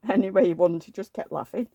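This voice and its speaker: A woman's voice: medium pitch, brisk, gravelly, dry recording, clean studio sound. An older woman, rambling through a casual story about an argument and losing her train of thought. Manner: rambling, forgetful, animated retelling of arguments. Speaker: doll collector vlogger.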